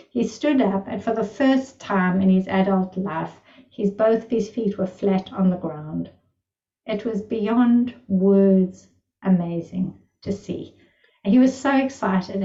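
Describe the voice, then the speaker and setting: A woman's voice: mid-range voice, mellow. A woman teaching energy healing, telling stories with delighted enthusiasm in a casual lesson. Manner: enthusiastic, marvelling storyteller. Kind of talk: casual storytelling in an online lesson. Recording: distant, roomy, slightly dull recording.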